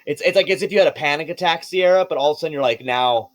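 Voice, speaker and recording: A man's voice: a little high, racing, no echo. A man running a tabletop game as game master, rambling with many restarts and frequent laughs.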